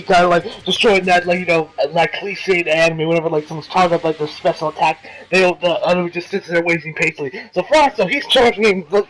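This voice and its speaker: A man with a notably high-pitched voice talks through an anime episode in a loose, rambling review. He swears freely and leans on constant fillers like "you know" and "like". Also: fairly bright tone, rough recording. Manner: rambling, profane, many fillers.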